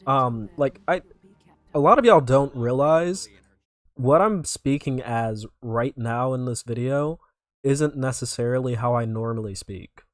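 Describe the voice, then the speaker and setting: A young man from North Carolina hosting casual reaction commentary, rambling and self-correcting with sudden loud outbursts. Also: mid-range voice, measured pace, no echo, studio quality, soft background music. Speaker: YouTube reaction host.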